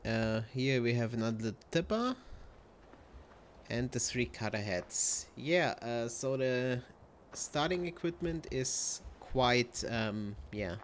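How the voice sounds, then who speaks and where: Slow, rambling man with game noise behind. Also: medium pitch, lively intonation. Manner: rambling, many ums and uhs. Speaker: gameplay video host. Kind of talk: casual gameplay commentary.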